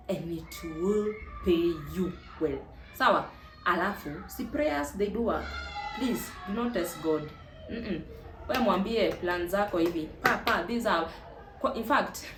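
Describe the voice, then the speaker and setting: A woman with a Kenyan accent, hosting a casual advice vlog in a chatty, emphatic way. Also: on the low side. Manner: chatty and emphatic, mixing in Swahili. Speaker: vlog host. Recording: echoey room with faint ambient noise.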